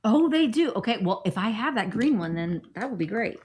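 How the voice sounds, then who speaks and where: A woman's voice: a little high, sing-song, fairly quick, darkish tone, husky. A middle-aged woman chatting casually as she shows off a thrift haul, rambling and talking to friends nearby. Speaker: thrift vlogger. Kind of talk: casual haul show-and-tell.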